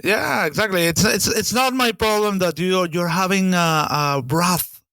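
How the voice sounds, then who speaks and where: A man's voice: high-pitched, unhurried, bright, forceful tone, no room sound. A man co-hosting a podcast, telling a kitchen story in casual chat, swearing freely and sometimes hunting for the right word. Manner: swears freely, searches for words mid-sentence. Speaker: podcast co-host.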